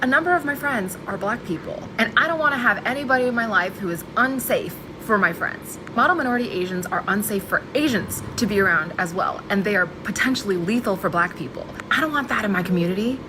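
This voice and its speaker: A woman's voice: medium pitch, lively intonation, quick pace, hardly any pauses, background noise. A woman giving an emphatic, frustrated vlog monologue as a social media commentator.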